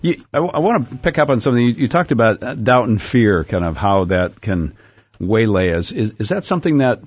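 Man, interview host, husky voice, halting questions, muffled sound. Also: medium pitch, very animated, dry recording. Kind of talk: interview conversation.

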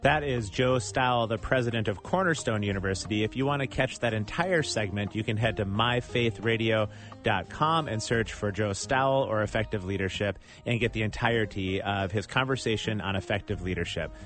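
A man's voice: fairly low pitch, a little fast, a bit bright, faint music behind. A man hosting a morning radio show, chatty and friendly, announcing segments and bantering with a guest.

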